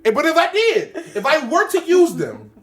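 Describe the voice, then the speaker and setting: Young male co-host: animated, crude, comedic storyteller with a very lively voice. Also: very high-pitched, normal speed. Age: young adult. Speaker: podcast co-host. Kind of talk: casual comedic chat.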